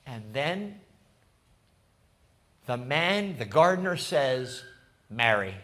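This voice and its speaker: A man preaching a sermon in a church. His voice sits high and he speaks slowly, telling his story with drama. He falls to a hush and then rises in loud bursts, laughs easily and speaks right to his congregation. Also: lively intonation. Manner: laughs often and talks directly to the congregation. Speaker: pastor.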